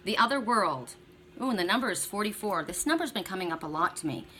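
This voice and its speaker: A woman's voice: medium pitch, expressive, fast, sharp tone, slight background noise. A middle-aged woman reading oracle cards for viewers in a chatty, encouraging way. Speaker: tarot and oracle card reader.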